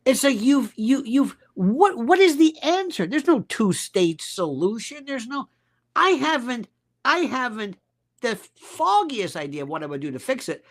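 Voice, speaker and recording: Man, guest commentator, emphatic, sarcastic, lively swooping pitch, political rant. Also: unhurried. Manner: emphatic, sarcastic, jumps between topics.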